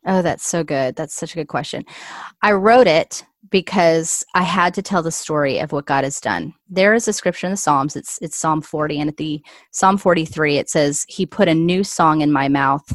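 A woman's voice: low voice, normal speed, no room sound. A woman in her forties telling an emotional personal faith story as an interview guest, earnest and full of "like.". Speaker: guest author.

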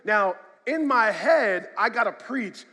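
Male pastor, sermon delivery, shouts and hushes, long echo around him. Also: high-pitched, lively intonation, slow. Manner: swings from loud shouted emphasis to quiet storytelling. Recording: long hall reverb.

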